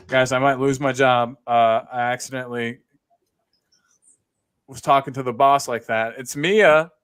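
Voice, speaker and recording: A man's voice: medium pitch, unhurried, pauses often, fairly bright tone, smooth, no room sound. A man hosting a casual fan call-in show, chatty and jokey, greeting viewers by name. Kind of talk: casual live-stream chat.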